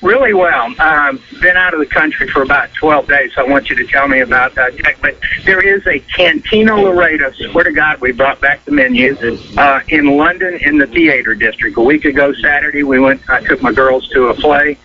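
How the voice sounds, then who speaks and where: A man's voice: fairly high pitch, normal speed, a little hiss or hum. A man calling in to a radio show, chatting casually and rambling through stories with lots of fillers. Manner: rambling storyteller with many fillers. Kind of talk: casual phone-in chat. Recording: dull lo-fi phone call over radio.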